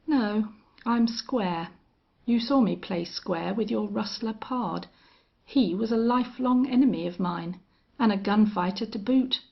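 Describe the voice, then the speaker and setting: A steely old gunfighter, as a woman narrator puts him on, flat and cold, each threat unhurried. Her voice has a husky, gravelly edge, and the recording sounds muffled and lo-fi. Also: mid-range voice. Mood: menacing. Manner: strange, monotonous, cold. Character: grim, steely older male gunfighter and hunter.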